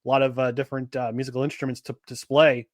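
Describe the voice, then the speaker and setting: A man's voice: mid-range voice, level tone, fast, dry recording, clean studio sound. A man co-hosting a casual podcast, rambling with many restarts and fillers. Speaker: podcast co-host.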